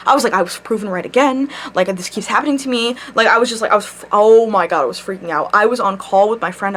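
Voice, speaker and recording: A young woman vlogger casually telling a rambling story at home, animated, swearing and laughing often. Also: mid-range voice.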